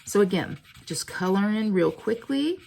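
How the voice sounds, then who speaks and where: A woman's voice: medium pitch, lively intonation, moderate pace, gravelly, a little mellow. A woman hosting a casual stamping tutorial, chatting to viewers in a self-deprecating way while she colors. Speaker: crafting video host.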